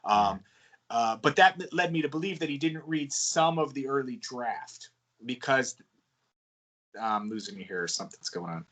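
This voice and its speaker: A man from the United States, a guest author answering interview questions in a relaxed, rambling way with many fillers. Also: mid-range voice, normal speed. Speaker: guest author and wrestling ghostwriter. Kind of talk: casual podcast interview answers.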